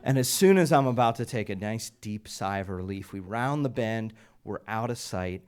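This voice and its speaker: A man's voice: lowish voice, animated, moderate pace, a little mellow, clean tone. Wry man telling a story on stage. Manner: conversational, wry and humorous. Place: small live event stage.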